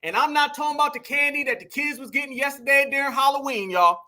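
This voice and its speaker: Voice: high-pitched, fast, pushed and bright. A host giving heated, exclamatory commentary and calling the viewers family and y'all.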